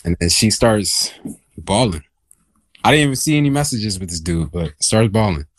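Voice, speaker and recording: A man's voice: on the low side, lively intonation, normal speed, no room sound. A young man casually telling a personal story on a podcast, meandering and laid-back with many fillers. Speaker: guest telling his story.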